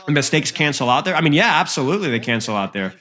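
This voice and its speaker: A man coaching through a recorded match, his voice sitting a bit higher than most men's. He breaks down plays bluntly and with emphasis, often repeating words as he goes. The delivery is analytical and direct. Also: sing-song, quick pace, pushed and bright. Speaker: esports coach. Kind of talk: analytical game review.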